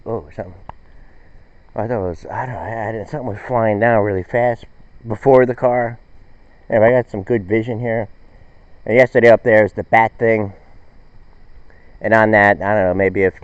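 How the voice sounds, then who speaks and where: A man's voice: lowish voice, no echo. A man hosting a show in a casual, rambling monologue, correcting himself and losing the thread. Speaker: host. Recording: dull, dry recording.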